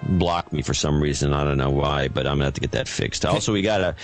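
Deep-voiced, dry podcast co-host man. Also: quick pace, soft background music. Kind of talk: casual chat. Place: Silicon Valley, California.

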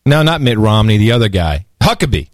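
A man hosting a podcast in casual chat, animated and mocking, often slipping into sarcastic voices. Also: lowish voice, a little fast, dry recording, clean studio sound. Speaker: podcast host.

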